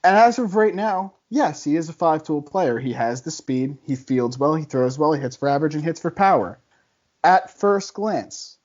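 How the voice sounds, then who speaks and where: A man arguing a contrarian take on a casual podcast, chatty and quick to laugh. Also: a little high, animated, darkish tone, dull audio. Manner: chatty, laughs often, argumentative. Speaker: podcast guest debater.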